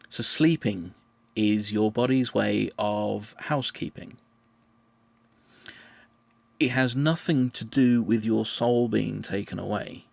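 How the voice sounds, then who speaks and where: A man explaining his answers in a measured, patient monologue, often restarting his phrases. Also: fairly low pitch, vocal fry, no room sound. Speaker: vlogger answering questions.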